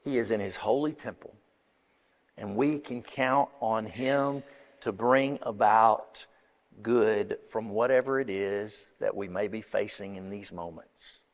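A pastor preaching an impassioned sermon, building to emphatic peaks and often restarting phrases. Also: male voice, on the low side, unhurried. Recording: long reverb of a large hall.

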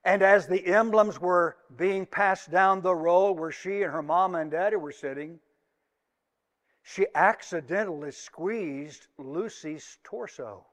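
A man preaching a sermon in a church, speaking slowly and emphatically and drawing out key words. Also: high-pitched. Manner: slow, emphatic delivery with drawn-out words. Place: church sanctuary. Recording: long hall reverb.

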